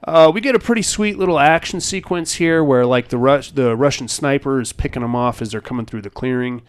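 A man talks through a film in a loose, rambling way, tossing in casual swearing as he goes. His voice is smooth and clean, sitting at an ordinary middle pitch for a man. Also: fairly quick. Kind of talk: casual movie recap chat.

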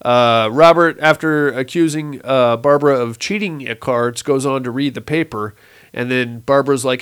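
A man's voice: mid-range voice, moderate pace, a bit bright, smooth. A young man giving a casual, sarcastic recap of a horror TV episode, laughing at the plot and acting out lines.

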